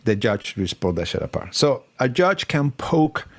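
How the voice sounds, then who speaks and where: A man co-hosting a podcast. He talks about politics in a loose, animated way, swears freely and acts out what others said. His voice sits at an ordinary middle pitch. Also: moderate pace. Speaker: podcast co-host. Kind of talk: casual political chat.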